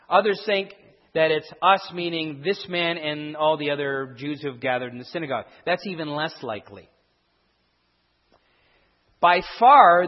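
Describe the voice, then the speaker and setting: Man teaching the Bible, husky voice, slightly high, long hall echo, dull sound. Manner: explanatory, with frequent restarts and emphatic stresses.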